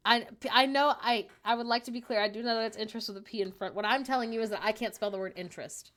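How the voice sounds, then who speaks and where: A woman's voice: fairly high pitch, quick pace, a bit bright. A young woman chatting casually on a livestream from home, joking and laughing often at herself. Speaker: streamer. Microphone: desk microphone.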